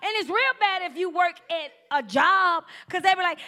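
A woman's voice: extremely high pitch, normal speed, few pauses, bright, forceful tone. A woman preaching a sermon in a conversational, humorous way, speaking straight to her listeners and acting out everyday scenes. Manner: conversational, addresses listeners directly.

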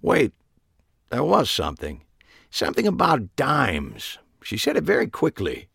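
A man voicing a gruff older widower who talks in a flat, deadpan way for an audiobook. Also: medium pitch, unhurried, no room sound, studio quality, pitched above the performer's own voice, full character voice. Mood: reminiscing. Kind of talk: audiobook character voice.

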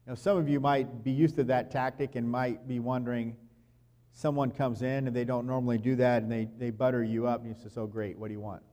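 A man preaching a sermon as pastor, talking conversationally, dropping to quiet asides and acting out the quotes he tells. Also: mid-range voice, level tone, brisk. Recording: long hall reverb.

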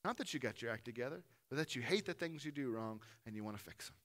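A man preaching a sermon to a gathered congregation in a church room, earnest, rising to loud emphatic peaks and dropping to soft, low asides. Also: lively intonation, quick pace. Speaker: pastor.

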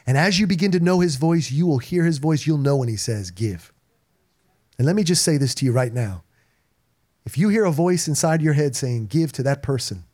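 Male pastor, energetic sermon delivery with congregation call-outs, voice on the higher side. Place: church in front of a congregation.

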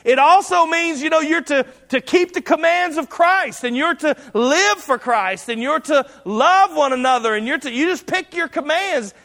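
A man preaching a sermon, emphatic and building to shouts on key lines. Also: extremely high pitch, animated, normal speed, few pauses, in a large hall.

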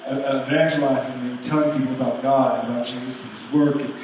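A young man preaching a sermon, telling a joke story with halting restarts and laughing along with it. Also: mid-range voice, level tone, a little mellow, slight background noise. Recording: echoey hall, mic far off, dull.

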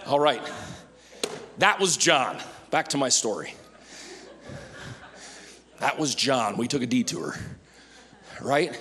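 Forceful man preaching in an echoing hall. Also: mid-range voice, expressive, takes it slowly, pauses often. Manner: emphatic, swings from shouting to whispers. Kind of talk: sermon. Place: church. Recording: reverberant church hall.

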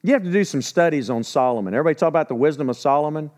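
A man's voice: on the high side, expressive, rapid-fire, darkish tone. A man preaching a sermon in a conversational, emphatic way. He asks rhetorical questions and acts out quoted speech in a casual voice. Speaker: pastor.

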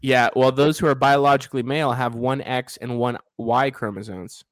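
A man's voice: mid-range voice, steady tone, moderate pace, dry recording. A young man co-hosting a podcast, casual and teasing, often breaking into laughter. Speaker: podcast co-host. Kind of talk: casual chat.

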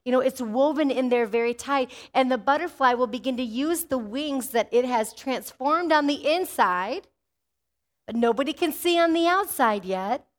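High-voiced woman preaching a sermon. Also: normal speed. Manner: animated, calls out "Amen?" to the congregation. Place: church.

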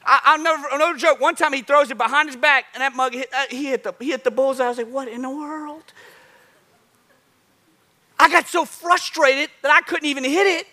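A man preaching a sermon, telling animated stories and repeating phrases for emphasis. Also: very high-pitched, fast talker, hardly any pauses. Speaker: pastor.

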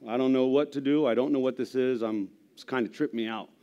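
A gruff middle-aged man stands before a church congregation, telling his testimony like a story. He mixes jokes with earnest conviction, his voice sitting at an ordinary pitch. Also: steady tone, a little fast, mellow, highs cut off. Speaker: lay preacher giving testimony. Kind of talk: sermon testimony.

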